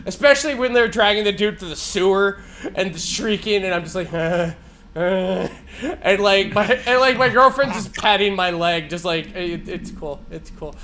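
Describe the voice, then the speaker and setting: A man in his forties, a live streamer, telling a story in a casual, animated and profane way with frequent laughs. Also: high voice, moderate pace, slight background noise.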